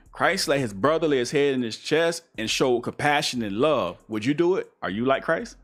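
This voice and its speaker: A man's voice: lively intonation, a little fast, few pauses, a bit bright. Heated preachy man on talk radio. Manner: heated, preachy, swings from low mutters to high outbursts. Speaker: radio show co-host. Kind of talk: casual talk radio discussion.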